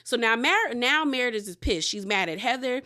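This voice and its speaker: A young adult woman casually recapping a reality show episode, chatty and animated, with lots of "like" as she retells scenes. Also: on the high side, normal speed.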